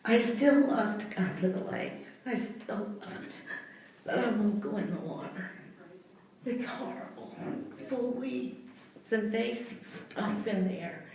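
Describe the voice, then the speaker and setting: A woman's voice: medium pitch, measured pace, darkish tone. Older woman, emotional, echoey hall. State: emotional, voice breaking. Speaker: lakeside resident giving public comment. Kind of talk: public hearing testimony. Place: public meeting room. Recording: very echoey hall, heard from far off.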